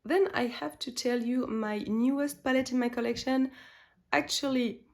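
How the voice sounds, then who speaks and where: A woman's voice: on the high side, steady tone, normal speed, darkish tone. A woman whose first language is French, talking casually and enthusiastically to camera in a beauty vlog, with frequent fillers and restarts. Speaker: beauty vlogger. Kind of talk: casual makeup chat.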